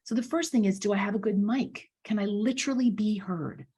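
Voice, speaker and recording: Speaking a little fast in a husky, medium-pitched voice, this woman appears as a guest voice coach on a laid-back podcast. She's lively, keeps asking "right?", and repeats words to drive her points home.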